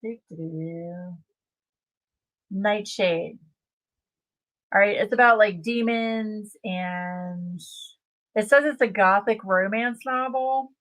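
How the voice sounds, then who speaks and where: Woman host, unhurried chatty live-stream talk. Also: mid-range voice, a bit bright, low-quality recording. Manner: chatty, reads viewer comments aloud. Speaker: livestream host. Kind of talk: casual livestream chat.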